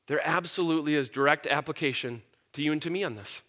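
Man, middle-aged, pastor; high, bright voice, casual and earnest sermon. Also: fast talker. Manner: casual and earnest, with fillers and repeated words. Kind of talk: conversational sermon.

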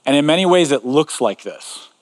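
A man's voice: on the high side, expressive, moderate pace. A man preaching a sermon to a room, in a conversational way with frequent asides. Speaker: pastor. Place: large room before an audience. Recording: long reverb in a large hall.

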